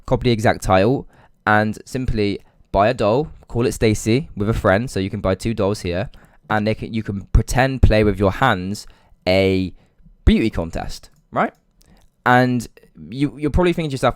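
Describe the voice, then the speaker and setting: Hyped young man, low dry voice. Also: normal speed, dry recording. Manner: chatty and hyped, keeps saying "guys" and "right?". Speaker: online money-making tutor. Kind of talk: casual screen-share walkthrough.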